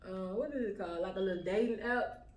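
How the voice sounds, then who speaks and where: A woman's voice: medium pitch, quick pace, darkish tone, recorded from a distance. Laid-back young woman. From Houston, Texas. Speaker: vlog co-host. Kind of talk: casual mukbang chat. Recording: echoey room, a bit off-mic.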